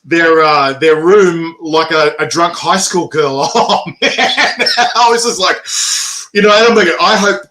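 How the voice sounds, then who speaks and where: A man, chatting casually as the interviewer. His voice sits a little high and rings bright and forceful. He tells lively stories and laughs often. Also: measured pace. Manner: animated storytelling, laughs often. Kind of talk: casual chat.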